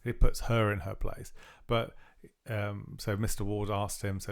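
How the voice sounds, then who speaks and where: A man's voice: lowish voice, level tone, a little slow, vocal fry. A man hosting a podcast in casual chat, rambling with many fillers and restarts. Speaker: podcast host.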